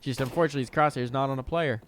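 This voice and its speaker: A man casting esports play-by-play, excitable and jokey with quick reactions. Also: medium pitch, a little hiss or hum. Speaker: esports caster. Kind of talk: play-by-play commentary. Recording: game gunfire audible behind.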